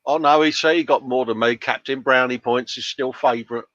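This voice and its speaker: A British man hosts a relaxed live stream from his workshop bench, chatting like an old mate and often breaking into laughter. His voice sits in a middling range and comes across dull and dry, with the room barely heard. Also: mid-range voice, a little fast, dry recording. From Britain. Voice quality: chummy, laughs often, says "mate" a lot. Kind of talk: casual chat, reading out viewer comments.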